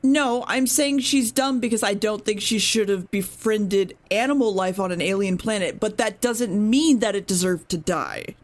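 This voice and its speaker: A woman's voice: mid-range voice, moderate pace, hardly any pauses. A woman co-hosting a podcast, recapping an episode in a rambling, swearing, self-correcting way. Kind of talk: casual podcast chat.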